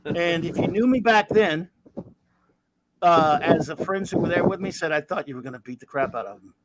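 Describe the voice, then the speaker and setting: High-voiced blunt storytelling man in his fifties. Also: moderate pace, very noisy. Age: 50s. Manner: rambling, blunt storyteller with crude humor. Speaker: podcast host. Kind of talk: casual chat.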